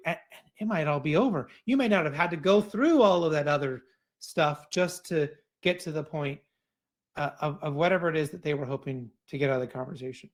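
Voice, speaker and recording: Guy giving a keynote, kinda high voice, chatty, keeps restarting his sentences. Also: lively intonation, moderate pace. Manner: conversational, with frequent restarts and asides. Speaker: keynote speaker. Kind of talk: keynote talk.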